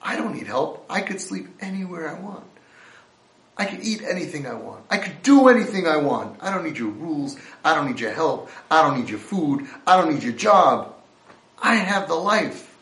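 A man's voice: on the high side, sing-song, normal speed, fairly bright tone. A man voicing an angry, defiant homeless young man who scorns help. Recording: roomy echo.

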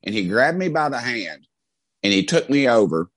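A middle-aged man's husky, medium-pitched voice swings widely in pitch at a normal speed, with no room sound. He is a congressman guest from Knoxville, Tennessee, whose East Tennessee Southern accent colors his folksy, rambling stories in a casual interview, marked by many restarts.

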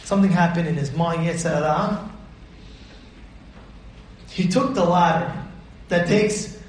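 A man giving a rabbi's sermon on the weekly Torah portion, fiery and animated, bursting into shouts as he acts out stories. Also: sits high, very echoey, poor audio.

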